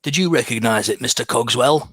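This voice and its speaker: An old, knowing aristocrat, as a game master puts him on, talks in a measured, gentlemanly way with small hesitations. His voice is bright and sits at a middling pitch, heard close and dry with no room echo. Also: husky. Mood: composed. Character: elderly male aristocrat, composed and knowing.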